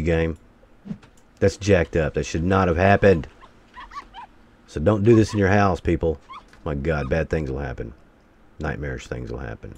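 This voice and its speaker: A man's voice: very deep voice, normal speed, pauses often, darkish tone. A man giving let's-play commentary, talking to himself and bursting into exasperated curses.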